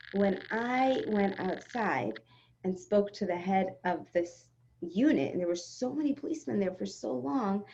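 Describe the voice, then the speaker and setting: Animated middle-aged woman telling a story. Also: medium pitch, lo-fi sound, a little hiss or hum. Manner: animated, dramatic retelling with acted-out quotes. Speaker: spiritual teacher. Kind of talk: personal storytelling in an online class. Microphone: video call.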